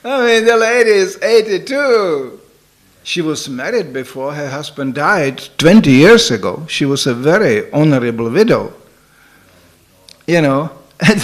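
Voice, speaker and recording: A man's voice: a little high, lively intonation, a little slow. An older man giving a spiritual talk, telling humorous anecdotes in a chatty way and often saying "you know". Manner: humorous, laughs at his own stories. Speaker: spiritual teacher. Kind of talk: sermon storytelling.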